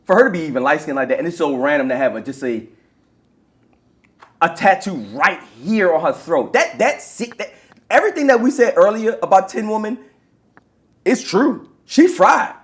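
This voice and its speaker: A man co-hosting a podcast, his voice pitched high and swinging widely as he rants. He swears freely and mocks what he is watching, in loose, casual banter. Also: expressive, normal speed. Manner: profane, mocking rants. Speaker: podcast co-host.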